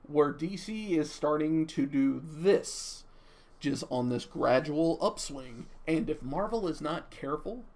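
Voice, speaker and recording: Chatty young man with gravelly voice. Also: fairly high pitch, a little mellow. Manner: rambling, stammering, chatty. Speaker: movie reviewer. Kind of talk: casual off-the-cuff review.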